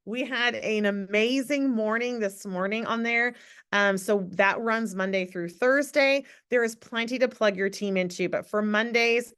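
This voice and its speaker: Upbeat woman host, slightly high voice, video call, encouraging team leader. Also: a bit bright. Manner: bubbly, encouraging, fast shifts in pace.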